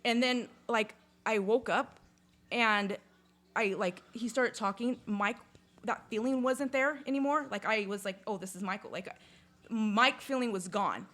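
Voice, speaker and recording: A woman in casual conversation, telling a personal story in a lively, chatty way, with lots of "like" and some swearing. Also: fairly high pitch, a little slow. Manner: chatty, full of "like", swears freely; lively retelling, acts out sounds and inner voices. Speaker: podcast guest.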